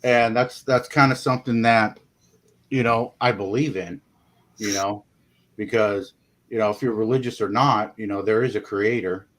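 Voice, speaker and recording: A man talking as a paranormal investigator guest in a casual interview, rambling and folksy, filling pauses with "you know". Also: fairly low pitch, steady tone, a bit bright.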